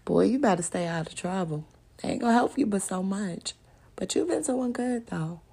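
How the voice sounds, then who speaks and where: A woman hosting a podcast, talking bluntly and profanely straight to her listeners, animated and often laughing. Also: medium pitch, moderate pace, gravelly, a little hiss or hum. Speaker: podcast host. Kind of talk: casual chat, open discussion monologue.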